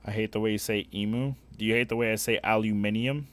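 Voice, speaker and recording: Fast and fairly even in intonation, a lowish male voice banters on a live stream, full of crude humor, profanity, and rambling fillers and restarts.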